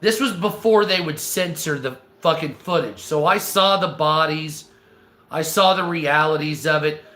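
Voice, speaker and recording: Profane ranting man, high bright voice. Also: unhurried, roomy sound. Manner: profane, exasperated, restarts and stammers. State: throat-clearing, coughing. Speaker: streamer. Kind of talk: casual live-stream rant.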